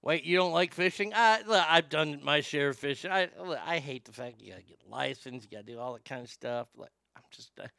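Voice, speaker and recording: A man's voice: fairly high pitch, expressive, a little fast, creaky, hardly any pauses, pushed and bright, clear, resonant tone, no echo. A man hosting a live stream, ranting crudely to his chat with incredulous outbursts and stammered restarts. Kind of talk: crude comedic rant to chat.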